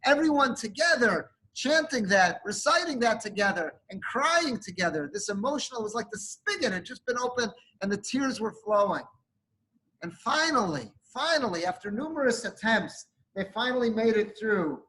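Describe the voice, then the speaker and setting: A rabbi delivers a sermon as a heartfelt story. His voice sits high and sounds bright and forceful. He works Hebrew and Yiddish terms into his English. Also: lively intonation, moderate pace, rough recording.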